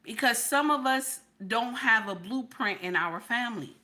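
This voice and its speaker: Middle-aged female streamer, emphatic and repetitive, bright voice. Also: fairly high pitch, lively intonation, normal speed. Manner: emphatic, repeats lines, talks to chat. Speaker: livestream reaction host. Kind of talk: casual livestream commentary.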